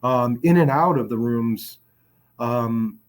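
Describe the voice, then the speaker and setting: A man's voice: mid-range voice, slow pace. A middle-aged man from the Chicago area, telling his recovery story as a podcast guest in an earnest, reflective way, with many restarts and filler words. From Chicago area, USA. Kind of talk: personal storytelling in a podcast interview.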